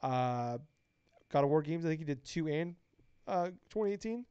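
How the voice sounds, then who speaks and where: Brief: young man, podcast co-host, rapid excited profane gushing, slightly high voice, dry dull lo-fi sound. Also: clear, resonant tone, dry recording. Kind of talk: casual podcast chat.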